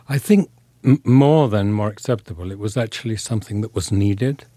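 A man from England, an actor being interviewed, talking in a thoughtful, measured way as he searches for his words. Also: fairly low pitch, dark tone, dry recording. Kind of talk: reflective interview talk.

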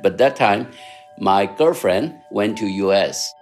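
A man in his seventies from Taiwan with a Taiwanese accent, recalling his past in an interview with halting, unhurried speech and many fillers. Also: fairly low pitch, expressive. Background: music.

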